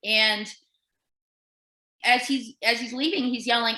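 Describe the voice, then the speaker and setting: A woman tells a story with lively energy and acts out the voices of the people in it as she goes. Her voice is bright and slightly high. The sound is roomy, with a clear echo. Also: normal speed, long pauses. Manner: animated storyteller who acts out quoted voices. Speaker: nurse and podcast co-host. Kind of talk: casual storytelling.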